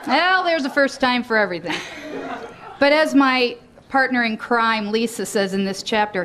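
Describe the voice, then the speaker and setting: A woman's voice: on the high side, lively intonation, normal speed, a bit bright, a little hiss or hum. A woman reading her own memoir aloud to a live audience in a bookstore, often breaking into laughter between lines. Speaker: guest reader at a book reading.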